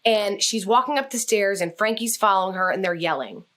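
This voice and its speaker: A woman telling a story as a guest on a podcast interview, speaking in an animated, expressive way. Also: mid-range voice, a little fast. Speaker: guest, communication coach.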